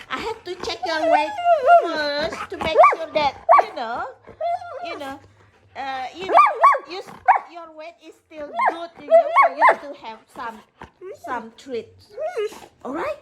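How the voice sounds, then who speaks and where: A woman's voice: extremely high pitch, sing-song, slow pace, heavy background noise. A young woman at home, laughing a lot as she coaxes and chats with her dog in a sweet, teasing voice. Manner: laughing often, coaxing baby-talk to a dog. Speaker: dog owner talking to her husky. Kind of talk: casual talk to a pet.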